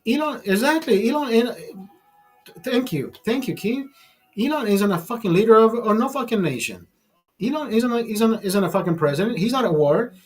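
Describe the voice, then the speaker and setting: A man's voice: sits high, expressive, moderate pace, husky, faint music behind. A man hosting his own channel, delivering a heated, profane political rant full of restarts. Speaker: channel host.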